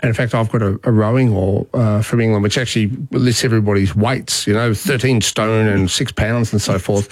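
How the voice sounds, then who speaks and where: A man's voice: lowish voice, fairly even intonation, no echo. A man hosting a talk show, chatting casually and often restarting his sentences. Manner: halting, with many restarts. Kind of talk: casual chat.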